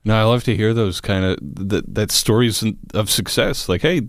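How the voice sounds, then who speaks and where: A man hosting a radio talk show, speaking into a studio mic with a dry, close sound. His voice sits a bit low, and he chats casually while encouraging his guest with quick agreement. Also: dry recording. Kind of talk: casual interview chat.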